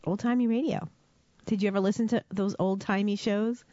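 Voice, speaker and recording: A woman's voice: medium pitch, level tone, fairly quick, warm tone, no echo, dull audio. A woman co-hosting a casual studio show in a playful, chatty way. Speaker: co-host. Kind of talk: casual banter.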